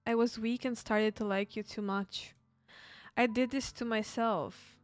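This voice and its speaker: A woman reading the lines of a sweet, sad teenage girl from a game in a soft, plain voice. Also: on the high side, fairly even intonation, measured pace, smooth, close to an everyday voice.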